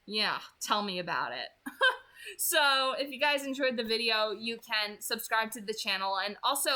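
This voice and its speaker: This is a young woman in her twenties hosting a read-aloud channel, chatting through her thoughts on the chapter she just finished. Her voice is bright and forward, sitting a little high, and she talks in a loose, gushing way, leaning on "like" and "you know" as she goes. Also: expressive, moderate pace. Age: 20s. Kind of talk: casual chapter recap and commentary.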